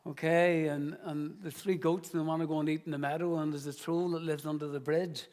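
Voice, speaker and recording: A man's voice: a little high, little pitch movement, brisk, a little mellow, long reverb tail. A middle-aged man, the founding pastor of his church, preaching in an earnest, conversational way and telling stories. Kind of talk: sermon.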